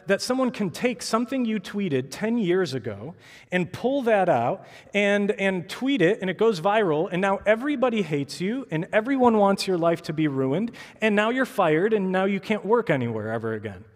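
A man's voice: sits high, expressive, normal speed. A male pastor preaching a sermon in a casual, conversational way, acting out the quoted voices. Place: church sanctuary. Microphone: clip-on mic. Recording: long church hall reverb.

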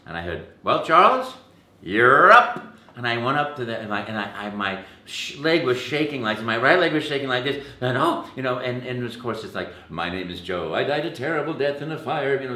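A voice actor appears as a guest in a casual interview, telling animated stories full of halting restarts and repeated words. He jumps into a high pitch whenever he acts out quotes, and the sound is roomy.

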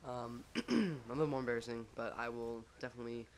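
A man's voice: mid-range voice, animated, a little fast, slight background noise. A young man telling a story casually over gameplay, rambling with lots of fillers and self-mocking jokes.

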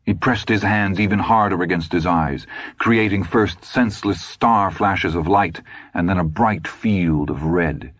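A man narrating an audiobook in a measured, tense storytelling manner. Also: sits low, fairly bright tone, no room sound.

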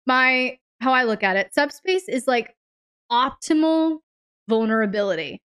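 A woman hosting a live advice session, answering a listener's question with emphatic, drawn-out stressed words and speaking straight to her audience. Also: a little high, a bit bright, clear, resonant tone. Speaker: relationship advice host.

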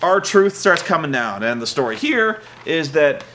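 Brief: snarky profane man recapping wrestling, slightly high voice, bright and edgy. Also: unhurried. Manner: sarcastic, profane, deadpan jokes. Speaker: podcast host.

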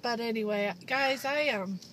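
Tearful woman vlogging from her car. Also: a little high. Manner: tearful, halting, many restarts. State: near tears, voice breaking. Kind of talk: emotional car vlog. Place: in a car, driving home. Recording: loud road and car noise.

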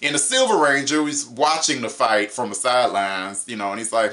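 Young guy chatting thru a show review, laughs a lot, voice jumps way up when he gets excited. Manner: animated, laughing, pitch jumps up for emphasis; paraphrases characters in quick mock voices. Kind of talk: casual spoken review.

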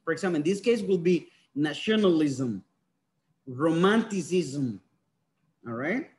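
A man's voice: high-pitched, animated, quick pace, a little mellow. A man teaching a class online, switching between languages and correcting his students' pronunciation. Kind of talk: bilingual class lecture.

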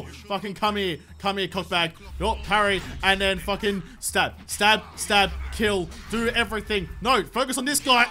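Excitable, foul-mouthed Australian gamer man. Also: high-pitched, normal speed, hardly any pauses. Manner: excitable, profane, jokey. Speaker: gaming YouTuber. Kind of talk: let's play commentary.

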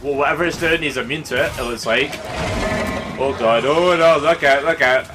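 A young Scottish man commentating his gameplay live, excitable and sweary, often bursting into yelling. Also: fairly high pitch, moderate pace, heavy background noise. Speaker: gaming YouTuber. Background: game music.

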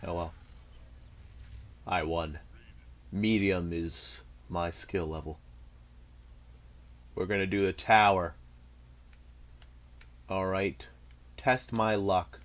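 A young man with a fairly low voice narrates his own fighting-game match out loud, jumping between muttered asides and bursts of trash talk. He laughs at his own jokes, and keyboard typing can be heard behind him. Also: steady tone, slow pace, pauses often. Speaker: gameplay commentator. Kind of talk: live gameplay commentary.

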